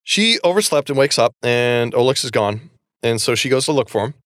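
A man's voice: mid-range voice, expressive, a little fast, fairly bright tone, dry recording, clean studio sound. A man co-hosting a podcast, recapping a book in casual chat; he rambles, laughs and swears casually.

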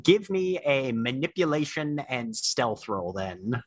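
Slow, measured male storyteller. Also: medium pitch, very animated, no echo. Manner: measured, descriptive narration. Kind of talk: narrating a tabletop game.

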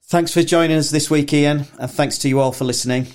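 A man's voice: a little high, fairly even intonation, a little fast, darkish tone. A man hosting a podcast, reacting to a guest's story and reading the sign-off. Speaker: podcast host, company CEO. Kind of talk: podcast interview.

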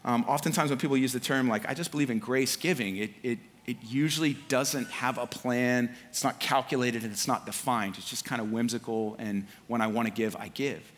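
A man preaching a sermon in a relaxed, conversational way, with slang and filler words. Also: medium pitch, moderate pace, few pauses, a little hiss or hum. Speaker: pastor. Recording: long hall reverb.

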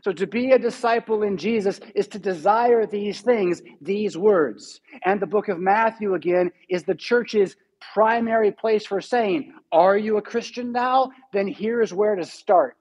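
A man's voice: high voice, a little slow, hardly any pauses, darkish tone, breathy edge, low-quality recording. A male pastor giving a sermon in a church, teaching steadily and stressing key words. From United States.

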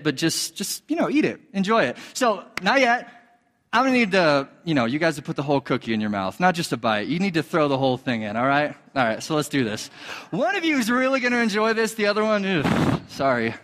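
Young male youth pastor, high-pitched, hypes and jokes with a live crowd; long hall reverb. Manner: energetic, joking, hypes the crowd. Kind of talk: sermon with a live stage demonstration. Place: large hall with a live audience.

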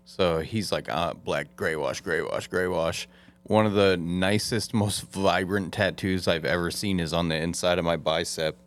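A man with a very deep voice hosts the podcast and tells stories with plenty of swearing. He is lively and casual as he builds up each anecdote. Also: unhurried. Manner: animated anecdote-telling, profane.

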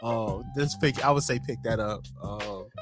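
A man's voice: medium pitch, a little slow, over music. A man co-hosting a podcast in casual chat, laid-back and agreeable, with profane slang. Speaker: podcast co-host.

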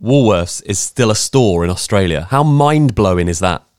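A man chatting on a podcast from home, teasing his co-host and restarting his sentences. His voice sits low, and the sound is close and dry. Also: expressive, moderate pace, a little mellow, no room sound. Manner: jokey, teasing, trails off in restarts. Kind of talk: casual chat. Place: home, room being decorated.

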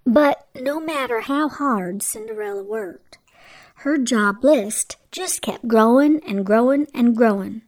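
A woman's voice: high voice, expressive, takes it slowly, creaky, darkish tone. A woman reading a fairy tale aloud to children, stopping to explain words and asking them questions. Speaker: storyteller. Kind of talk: children's story reading with asides.

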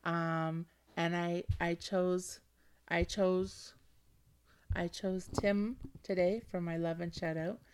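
A woman's voice: on the low side, flat delivery, slow pace, slight background noise. A woman hosting a motivational podcast, leading a guided visualization in a gushing, effusive way and calling listeners honey. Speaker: podcast host.

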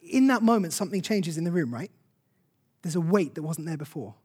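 A breathy, slightly husky preacher delivers a sermon. The pitch sits in a middle range, and the talk is earnest and conversational. Short phrases come back again and again for emphasis. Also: animated, fairly quick, darkish tone.

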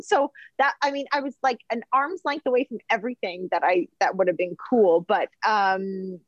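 A woman chatting casually as a podcast guest, telling stories in an animated, rambling way and dropping in lots of fillers. Her voice is mid-pitched and sits close to the mic with no room sound. The recording is slightly dull and lo-fi. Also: moderate pace, hardly any pauses, no echo. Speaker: chef and food journalist, podcast guest. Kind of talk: casual storytelling chat.

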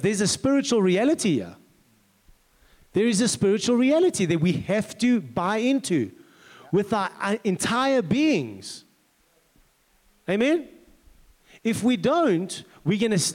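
A man's voice: high-pitched, a little mellow. A man preaching in a crowded hall, urging the congregation and calling out for them to respond. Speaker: pastor. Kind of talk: sermon. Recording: reverberant hall.

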